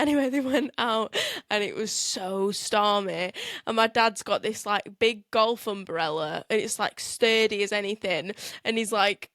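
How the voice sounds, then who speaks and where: A woman's voice: medium pitch, a little slow, a bit bright, no room sound, studio quality. A young woman, telling family stories in a casual podcast chat and laughing often. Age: young adult. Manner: chatty storyteller, laughs often. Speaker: podcast co-host.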